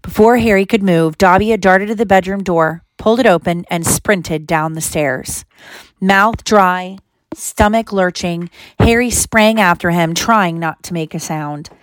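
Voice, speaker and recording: A woman reads a storybook chapter aloud to her child, her voice sitting low for a woman and steady in pace. The sound is close and dry, with no room around it. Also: unhurried, no echo. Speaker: mother reading to her child.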